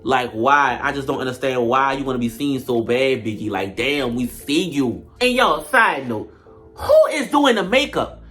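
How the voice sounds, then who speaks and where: A woman giving blunt, slangy commentary on a reality show, swinging between loud outbursts and low mutters. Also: normal speed, soft background music. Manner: animated, blunt, slangy trash talk. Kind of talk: casual reaction commentary.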